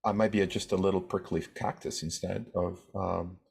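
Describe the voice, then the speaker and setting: A man's voice: low-pitched, little pitch movement, a little fast, creaky, slightly rough, heavily acted. A man in an improv comedy scene, playing a touchy, prickly brother who rambles with many "like" fillers. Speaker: improv performer.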